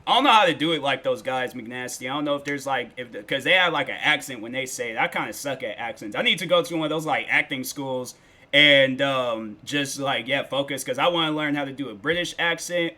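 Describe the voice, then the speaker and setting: In his twenties, this streamer chats casually with his livestream viewers, rambling loosely and using lots of filler words. His voice is medium-pitched with a sharp tone, and he talks fairly quickly.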